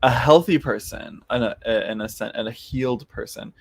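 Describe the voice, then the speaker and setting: A man of middle pitch hosting a casual live-stream tarot reading. He talks in a loose, rambling way, restarts his sentences often and laughs easily between thoughts. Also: moderate pace, creaky, slightly rough, no echo.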